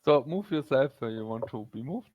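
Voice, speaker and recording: A man with a German accent running a tabletop game as game master, speaking haltingly with many fillers. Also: mid-range voice, lively intonation, no room sound, narrow, tinny audio.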